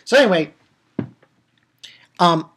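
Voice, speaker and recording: A man's voice: sits high, lively intonation, slow pace, a bit bright, a little hiss or hum. A man casually recapping an anime episode, rambling with laughs, swearing and acted-out quotes. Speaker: anime reviewer.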